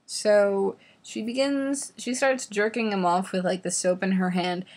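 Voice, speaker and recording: A young woman talks through a book chapter in a loose, ranting vlog. Her voice is breathy and a little husky, at a middle pitch. She sounds exasperated and sarcastic, swears freely and fills her talk with "like.". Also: fairly even intonation, unhurried, a little mellow. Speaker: vlogger reading and reviewing a book. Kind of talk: casual ranting book review.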